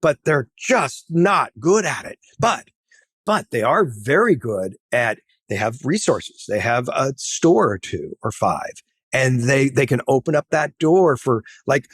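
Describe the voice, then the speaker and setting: A man's voice: mid-range voice, animated, unhurried, fairly bright tone, husky, no echo. A middle-aged man, a podcast guest, talking in an emphatic, advice-giving way with lots of "right?" asides. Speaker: podcast guest, tech entrepreneur. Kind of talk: casual interview talk.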